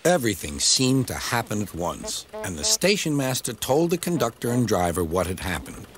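Animated male storybook narrator. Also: medium pitch, normal speed. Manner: lively, animated telling. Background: music.

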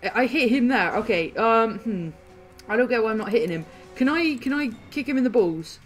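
Excitable woman narrating gameplay. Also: on the high side, fairly quick, soft background music. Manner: chatty and excitable, laughs often. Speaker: gaming channel host. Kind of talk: casual gameplay commentary.

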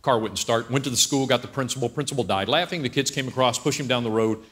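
A male pastor with a medium-pitched voice preaches a humorous sermon at a church service, talking fast. He's an animated storyteller, acting out scenes and joking as he goes.

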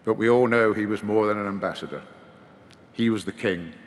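Man, formal eulogy, measured and wry, fairly low voice, long hall reverb. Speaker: eulogy speaker. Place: large hall at a memorial service.

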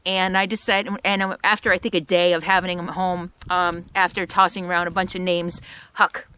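A woman's voice: lowish voice, little pitch movement, moderate pace, sharp tone, clean tone. A woman vlogging casually from her RV, chatty with frequent laughter and doting puppy talk. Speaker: full-time RV vlogger. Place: inside an RV.

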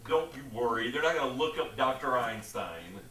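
A man's voice: mid-range voice, animated, normal speed, sharp tone. A man playing a flustered young nephew. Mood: nervous, coaxing. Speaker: stage actor. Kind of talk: amateur stage play. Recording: echoey stage, far mic, light noise.

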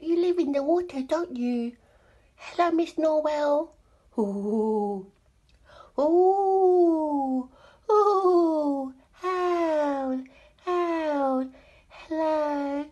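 A woman's voice: sits high, warm tone, highs cut off. A woman voicing a cheerful, curious little male toy friend in a children's alphabet sing-along, talking in a sing-song way and gasping with delight.

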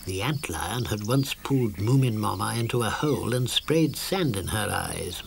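An older British man narrating a children's cartoon in a measured storytelling manner. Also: lowish voice, animated, vocal fry, slight background noise. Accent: British English. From Britain. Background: music.

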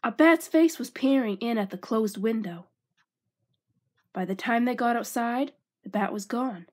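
A woman reading a children's storybook aloud. Her voice sits slightly high, and her delivery is expressive and clear. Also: unhurried. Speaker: narrator.

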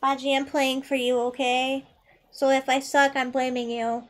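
A woman's voice: high-pitched, little pitch movement, moderate pace, a little hiss or hum. A young adult woman chatting casually on a live game stream, playful and chatty, swearing freely and coaxing her pet between rounds. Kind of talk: casual live-stream chat while gaming.

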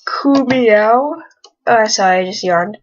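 A woman's voice: a little high, slow, highs cut off. A young woman casually commenting on a life-sim game she is playing and talking to its characters in a teasing way. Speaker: let's play gamer.

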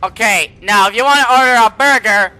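A teenage boy role-playing a restaurant worker during a game in an animated, playful way, often bursting into shouts. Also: high voice, a little fast, no echo, faint music behind. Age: teens.

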